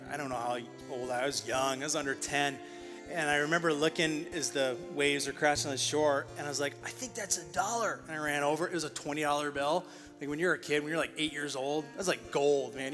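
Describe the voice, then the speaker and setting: A man's voice: fairly high pitch, level tone, fast talker, sharp tone, faint music behind. A man pastor telling a childhood story to close his sermon, putting on playful voices for quotes. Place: church auditorium. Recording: large church hall with reverb.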